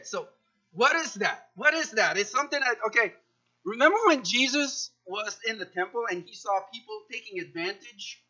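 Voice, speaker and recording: A man preaching a sermon, animated, often repeating words and acting out quoted speech with sudden loud jumps. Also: high voice, dull audio. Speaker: pastor.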